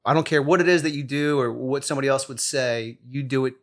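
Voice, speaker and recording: Mid-pitched man hosting a casual interview. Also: quick pace. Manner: supportive, prompts with short questions. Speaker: podcast host.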